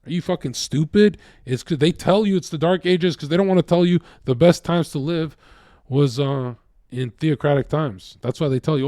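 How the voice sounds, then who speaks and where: A man ranting casually to viewers, profane and combative, swinging from loud outbursts to low mutters. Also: moderate pace, no echo, clean studio sound. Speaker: streamer.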